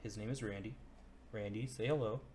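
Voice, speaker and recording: A game master voicing a brisk, no-nonsense female hippogriff handler giving matter-of-fact instructions. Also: fairly low pitch, fairly even intonation, darkish tone, a little hiss or hum, lightly acted.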